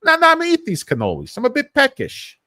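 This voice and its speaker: A man voicing a hungry male actor on a film set who keeps eating the props, in a whiny, excited tone. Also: extremely high pitch, fast, no room sound, clean studio sound, voice pushed up, full character voice.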